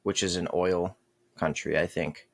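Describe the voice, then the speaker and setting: A man's voice: sits low, fairly even intonation, measured pace, creaky. A young American man co-hosting a casual podcast on a headset mic, blunt and casual with swearing. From United States. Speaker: podcast co-host. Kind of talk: casual chat.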